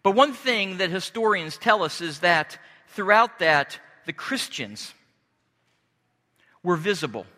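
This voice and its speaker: Pastor guy preaching slow and earnest, highish bright voice. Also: animated, big-room sound. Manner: earnest, deliberate preaching with pauses and restarts. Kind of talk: sermon.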